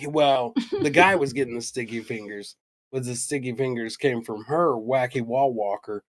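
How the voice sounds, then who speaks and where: A man's voice: mid-range voice, moderate pace, no room sound. A man co-hosting a podcast, retelling a crime story in a casual style with irreverent, crude jokes. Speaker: podcast co-host. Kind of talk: casual comedic true-crime chat.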